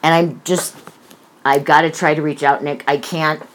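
A woman's voice: sits low, fairly even intonation, moderate pace. Heated middle-aged woman, swearing freely. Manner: heated, swears freely, acts out others' voices. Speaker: mother talking about her son. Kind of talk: emotional personal conversation.

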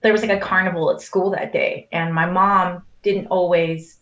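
A woman's voice: lowish voice, fairly even intonation, normal speed. A woman co-hosting a podcast, telling a personal story in casual chat with lots of fillers. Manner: emotional storytelling, many fillers. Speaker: podcast co-host. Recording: roomy, dull lo-fi sound.

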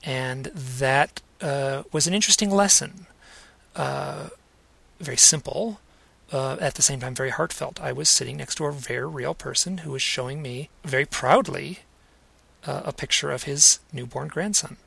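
Middle-aged guy hosting a podcast, gravelly, kinda cautious and hesitant, dry close mic. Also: mid-range voice, sharp tone, no room sound. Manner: measured, cautious, with frequent hesitations and restarts. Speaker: podcast host. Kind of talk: reflective spoken introduction.

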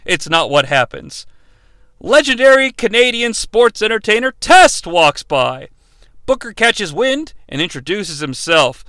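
A man's voice: high voice, sharp tone, clean tone, no echo. A man hosting a podcast, recapping in a casual, sarcastic, joking way with swearing asides. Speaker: podcast host. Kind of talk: casual wrestling recap narration.

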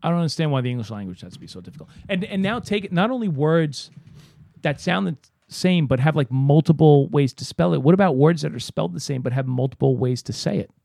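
Lively gravelly man, casual banter. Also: on the high side, fast, no echo. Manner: animated, swearing, mock-exasperated. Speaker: podcast co-host and game master.

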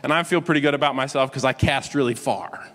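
A man's voice: medium pitch, fast talker, a bit bright. A pastor in his forties telling a self-deprecating story during a sermon, asking his listeners questions along the way. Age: 40s. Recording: long hall reverb.

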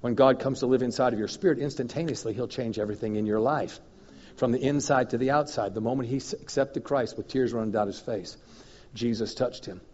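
A man, a guest minister, preaching a sermon full of personal stories, animated, chuckling and making sound effects as he tells them. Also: mid-range voice, fairly quick. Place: church meeting hall. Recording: dull echoey church hall recording.

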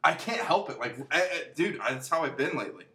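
A man in a casual chat, telling animated stories and acting out the voices of people he quotes, laughing often. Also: fairly high pitch, fast, background noise. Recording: echoey room.

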